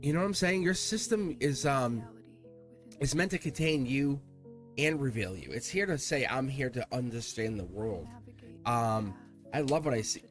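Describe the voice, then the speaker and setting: A man giving a casual tarot reading to camera in an animated, rambling way, talking to his cards and laughing now and then. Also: medium pitch, normal speed, faint music behind. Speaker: tarot reader.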